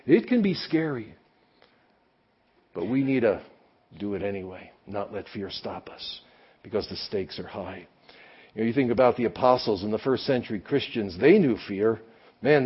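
A man's voice: on the low side, breathy edge, lo-fi sound. A man, a pastor, preaching a sermon to his congregation in a folksy, earnest way. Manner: folksy, earnest, acts out quotes. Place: church, before a congregation.

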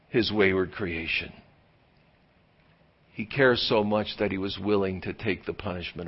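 A man preaching a sermon as pastor, swinging from loud emphatic lines to hushed near-whispers and drawing key words out slowly. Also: fairly low pitch, animated, breathy edge. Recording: dull lo-fi sound.

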